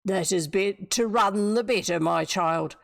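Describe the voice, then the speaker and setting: A woman with a New Zealand accent reading as a sly wolf posing as a grandmother, in a slow, coaxing voice with a gravelly edge. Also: medium pitch. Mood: menacing.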